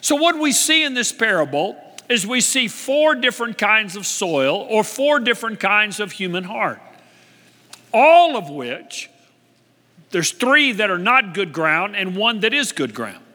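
A man's voice: high voice, big pitch swings, moderate pace, few pauses, bright, forceful tone. A man preaching a sermon as pastor, repeating his key phrases and asking the congregation to answer him. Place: church. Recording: long hall reverb.

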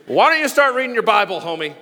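Pastor, male, high bright voice, emphatic chanting and shouting, long church reverb. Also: sing-song, quick pace. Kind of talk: sermon. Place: church sanctuary.

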